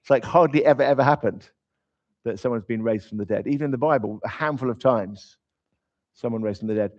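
A man's voice: mid-range voice, brisk, a little mellow. A man with a mid-range voice preaches a conversational sermon, emphatic and dotted with humorous asides. The recording sounds slightly dull and lo-fi.

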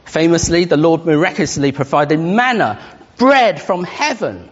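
A man preaching a sermon, slow and emphatic with dramatic pauses and a slightly breathy voice. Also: fairly high pitch, sing-song. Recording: dull reverberant hall.

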